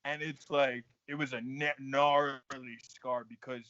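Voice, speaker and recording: Bright-voiced man telling stories. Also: mid-range voice, unhurried, clear, resonant tone, no echo. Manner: animated, profane, laughs through his story. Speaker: guest, fighter. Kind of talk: casual podcast storytelling. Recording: dull dry lo-fi podcast audio.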